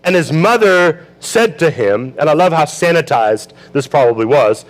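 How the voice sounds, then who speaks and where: A man's voice: on the high side, very animated, normal speed, rough recording. A male pastor preaching a sermon in a conversational way, asking the congregation questions and acting out Bible quotes.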